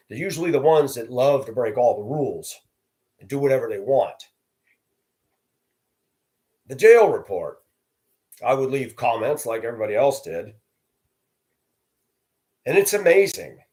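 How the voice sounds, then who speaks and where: A middle-aged man from Denver telling personal stories in a casual monologue, acting out the quoted voices and getting loud in the tense parts. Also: mid-range voice. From from Denver area. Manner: acts out quoted voices, rising loud for confrontations.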